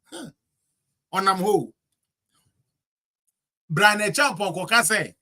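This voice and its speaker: A man's voice: on the high side, lively intonation, moderate pace, pushed and bright. Heated Ghanaian man ranting on politics. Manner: heated, mocking, exclamatory. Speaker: political commentator. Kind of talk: political commentary rant.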